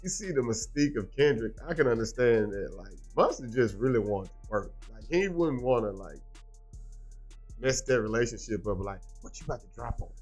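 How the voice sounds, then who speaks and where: A man's voice: mid-range voice, animated, normal speed, a little mellow, faint music behind. A man hosting a reaction commentary show, explaining clips and asking the viewer rhetorical questions.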